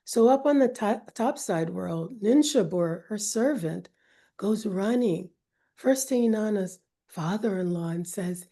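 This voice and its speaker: Woman storyteller, slow and warm-toned, measured and dramatic, drops to whispers. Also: medium pitch, expressive. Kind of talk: oral myth storytelling.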